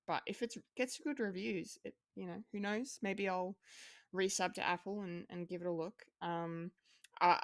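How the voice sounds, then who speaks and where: A woman's voice: fairly low pitch, no echo, studio quality. A woman co-hosting a podcast, chatting casually with frequent ums and restarts. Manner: hesitant, many ums and restarts. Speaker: podcast co-host.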